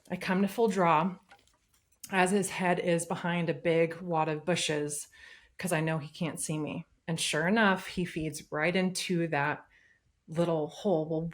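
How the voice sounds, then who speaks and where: A woman guest on a podcast, telling a story in a casual, lively way and often acting out what people said. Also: on the low side.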